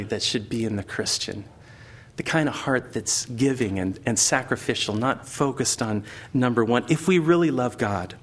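Man preaching in a conversational tone. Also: mid-range voice. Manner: conversational preaching with fillers and storytelling. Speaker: pastor. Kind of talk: sermon.

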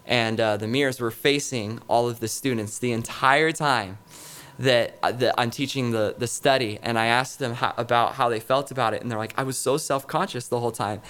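A man's voice: mid-range voice, steady tone, normal speed, a bit bright, smooth. A middle-aged male pastor giving a sermon in a conversational, storytelling way, with many fillers and restarts. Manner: conversational, anecdotal preaching with frequent fillers.

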